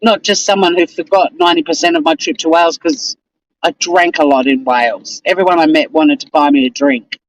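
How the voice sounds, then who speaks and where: A woman's voice: sits low, a little fast, muffled recording. A woman with an Australian accent, hosting a casual live stream and chatting in a rambling, exasperated way.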